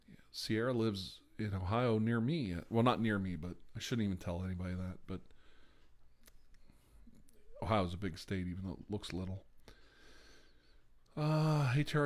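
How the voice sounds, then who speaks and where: A man hosting a live stream in a relaxed, chatty way, reading out chat messages while sipping a beer. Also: lowish voice.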